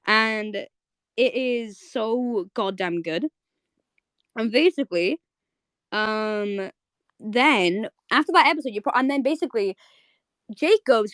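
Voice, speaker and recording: A woman hosting a live audio chat, casually retelling a cartoon episode as an excited fan who keeps asking "right?". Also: fairly high pitch, slow pace, pauses often, dry recording. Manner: chatty, fan-excited, many fillers and "right?".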